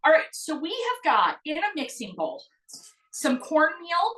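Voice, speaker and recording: A bubbly woman talks viewers through a live cooking class, chatting and calling out names as she works. Her voice sits a little high, and it rings in a roomy kitchen. The mic is set a distance away from her. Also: huge pitch swings, measured pace, fairly bright tone. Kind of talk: live online cooking demonstration.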